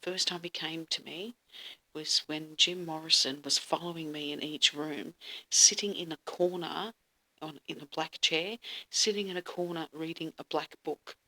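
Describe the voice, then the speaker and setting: A woman's voice: low voice, fairly even intonation, moderate pace, sharp tone, slight background noise. A woman telling a dream story in a dramatic, casual way, often dropping to a whisper and swearing freely.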